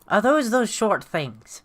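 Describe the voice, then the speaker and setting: A player voicing a polite, curious young dragon man who asks quick, bemused questions. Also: medium pitch, fairly bright tone, heavily acted.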